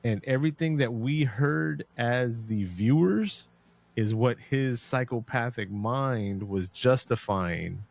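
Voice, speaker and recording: A man co-hosting a casual podcast about a film, retelling scenes with animated storytelling and acted-out quotes. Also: medium pitch, takes it slowly, gravelly, no echo. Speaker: podcast co-host.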